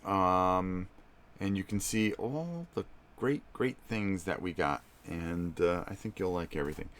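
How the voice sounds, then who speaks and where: A man's voice: sits low, measured pace, a bit bright, slight background noise. A middle-aged man hosting a live stream, chatting casually and speaking directly to his viewers.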